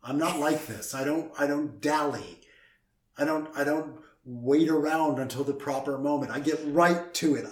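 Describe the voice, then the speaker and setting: A man hosting a casual chat at a table, teasing his co-host and stalling with slow breathing exercises. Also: on the high side, distant mic. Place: indoors at a table. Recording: roomy echo.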